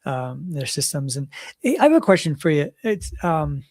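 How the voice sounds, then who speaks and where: A man's voice: a little high, very animated, moderate pace, a little mellow, no echo, studio quality. A young man co-hosting a podcast, asking rambling, hesitant questions full of likes and ums. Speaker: podcast co-host. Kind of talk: casual chat.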